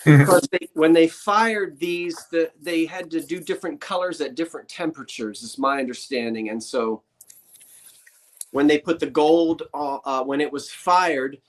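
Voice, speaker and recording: Chatty male auctioneer, slightly high voice. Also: moderate pace. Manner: chatty, rambling, joking asides. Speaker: live sale auctioneer. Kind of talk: live-stream auction patter.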